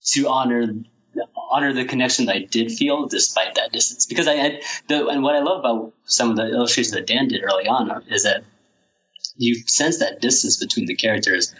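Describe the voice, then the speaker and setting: A man speaking as a podcast guest about his book, halting and reflective with many restarts. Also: medium pitch, a bit bright, poor audio. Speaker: author guest. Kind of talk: podcast interview.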